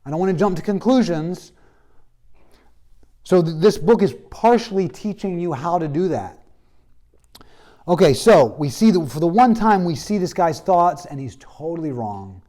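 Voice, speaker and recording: In a classroom lecture on Bible history, a man with a warm, fairly high voice tells the story casually at a normal speed, animatedly acting out the characters' lines. Students chime in now and then.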